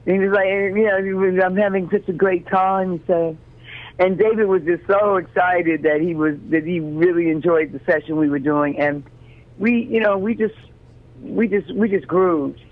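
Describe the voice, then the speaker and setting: A woman's voice: fairly low pitch, normal speed. Chatty woman from Chicago, phone-like sound. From South Side Chicago. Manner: animated, repeats words when starting sentences. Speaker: interview guest, singer. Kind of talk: casual storytelling.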